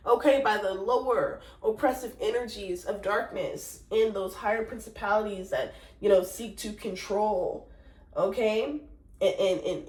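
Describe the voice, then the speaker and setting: A woman's voice: mid-range voice, roomy sound, recorded from a distance, low-quality recording. A woman giving a casual spiritual tarot reading in a chatty, rambling way, now and then breaking into sung exclamations. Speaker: tarot reader.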